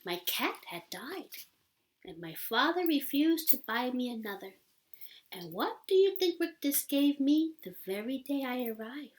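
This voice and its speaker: A woman voicing a weary old woman in a storybook reading, speaking in a hoarse, tearful whisper. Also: sits high, big pitch swings, unhurried, voice pushed up. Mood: sorrowful whisper. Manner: breathy whispering, tearful pleading.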